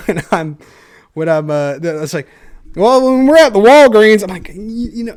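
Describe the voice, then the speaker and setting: A man hosting a casual solo podcast, rambling in a self-deprecating stream of consciousness with lots of fillers, a little tipsy from wine. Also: on the high side.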